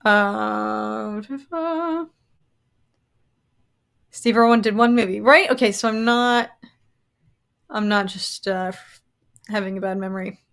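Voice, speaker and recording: An American woman co-hosting a casual livestream chat, excitable and quick to laugh as she talks to her viewers. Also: medium pitch, vocal fry. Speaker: livestream co-host.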